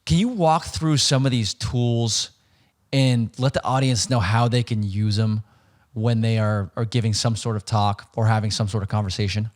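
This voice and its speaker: A man's voice: fairly low pitch, steady tone, moderate pace. A male podcast host who asks questions and briefly recaps points for listeners, with small repetitions. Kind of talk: podcast interview.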